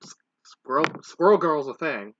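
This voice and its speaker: Bright-voiced man reading fanfiction. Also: fairly high pitch, lively intonation, moderate pace, lo-fi sound, a little hiss or hum. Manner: rambling, stumbling, self-mocking. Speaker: fanfiction reader. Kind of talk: casual story reading with asides.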